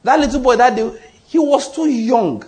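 Animated, high-pitched male preacher. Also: moderate pace. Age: adult, goes to the gym. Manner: animated, emphatic, repeats for emphasis. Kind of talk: sermon.

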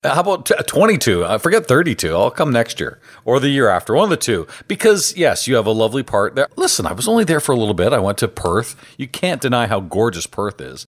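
An upbeat man hosting a podcast, trading jokes with a guest. His voice swings freely up and down in pitch, sitting at an ordinary middle height. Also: big pitch swings, fast, hardly any pauses. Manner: upbeat, joking banter. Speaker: podcast host. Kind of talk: casual podcast chat.

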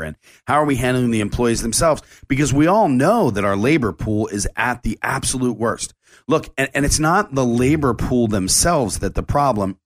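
A man and chef hosting his own radio show, talking casually and rambling with lots of fillers. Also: on the low side.

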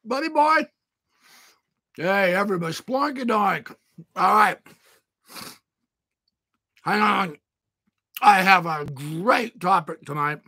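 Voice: mid-range voice, animated, slow, creaky, long pauses, no echo, clean studio sound. A livestream host chatting playfully with viewers while talking through a mouthful of food. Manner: playful, greets viewers by name, exclaims loudly. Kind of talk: casual live-stream chat.

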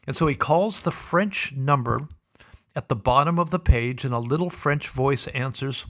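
A male host spinning a story at a brisk, chatty clip, his voice jumping up in pitch whenever he plays the people in it. The pitch sits in an ordinary middle register. The delivery is animated and conversational. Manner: acts out the people he quotes with lively pitch jumps. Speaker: podcast host.

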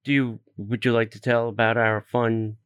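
A man hosts a podcast in relaxed conversation. He tells the story with animated, exasperated asides and plenty of fillers. His voice is smooth and resonant, and the sound is dry and close. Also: mid-range voice, normal speed, dry recording. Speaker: podcast host. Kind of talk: casual chat.

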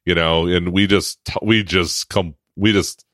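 A man's voice: sits low, steady tone, a little slow, fairly bright tone, dry recording, studio quality. A man co-hosting a podcast in casual chat, sarcastic and joking, laughing often as he talks. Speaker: podcast co-host.

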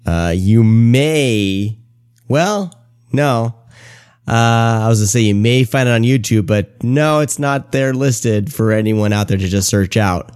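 A man hosting a podcast in a casual chat, talking quickly and running his words together. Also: medium pitch, a little mellow, clean tone, dry recording, studio quality. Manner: talks fast, runs words together. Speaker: podcast host.

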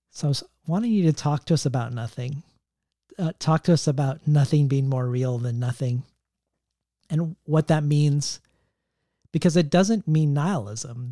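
Mellow-voiced male interviewer. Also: medium pitch, no room sound, studio quality. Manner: measured, reads quotes aloud, reflective. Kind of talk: literary interview questions.

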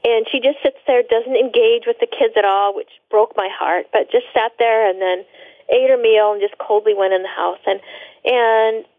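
A woman tells her own story as a guest on a radio show, in an earnest, halting way with frequent restarts. Her voice sits a little high. It comes over a tinny phone line with no room sound at all. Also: fairly even intonation, dry recording. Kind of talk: personal testimony in a radio interview.

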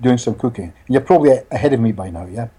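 This man, a hypnotherapist guest in a relaxed interview, is a lively storyteller who laughs a lot and says things twice. His pitch is medium and his delivery races along.

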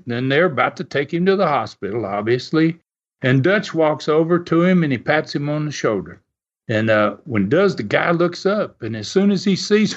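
A man telling wrestling stories on a podcast in a casual, rambling way, full of fillers and restarts. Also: fairly high pitch. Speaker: podcast co-host and storyteller. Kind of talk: casual storytelling. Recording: dull lo-fi sound.

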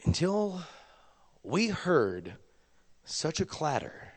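A man's voice: a little high, drawn-out words, big-room sound. Profane young man telling a story. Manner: profane, animated storytelling with sudden loud bursts. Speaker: stand-up comedian. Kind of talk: stand-up storytelling.

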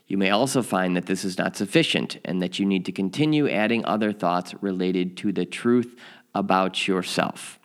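A man hosting a podcast, reading a spiritual lesson aloud in a calm, measured way and adding his own comments. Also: lowish voice. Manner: calm, measured reading that slows on key phrases. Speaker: podcast host.

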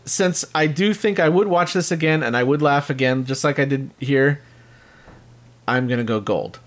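A man's voice: medium pitch, normal speed. A man co-hosting a casual podcast chat about an old film, laughing often and restarting his sentences. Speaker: podcast co-host reviewing a film.

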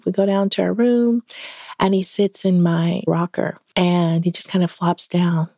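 A woman's voice: on the low side, normal speed, gravelly, husky, dry recording, studio quality. A middle-aged woman, a podcast guest, telling a personal story in an interview and acting out the dialogue in it. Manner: animated, acts out quoted dialogue.

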